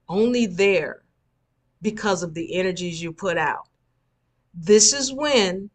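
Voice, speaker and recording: A woman giving a live spiritual lecture, emphatic and repeating her key points for the listeners. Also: lowish voice. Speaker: spiritual teacher.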